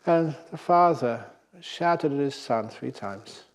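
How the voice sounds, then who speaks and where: A man giving a Buddhist dharma talk at a meditation retreat, telling stories in a lively way and chuckling at his own jokes. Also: mid-range voice, slow. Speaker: Buddhist monk teacher.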